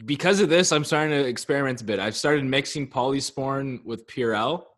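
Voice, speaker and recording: Deadpan young man reading odd news. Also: mid-range voice, brisk. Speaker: podcast co-host reading news stories. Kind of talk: casual comedic chat.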